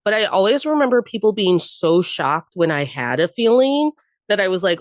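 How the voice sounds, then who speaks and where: A woman's voice: mid-range voice, big pitch swings, normal speed, dry recording. A young adult woman on a podcast, telling personal stories candidly with frequent laughter and the odd swear. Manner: candid storytelling, laughs often, swears freely. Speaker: podcast guest. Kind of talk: casual chat.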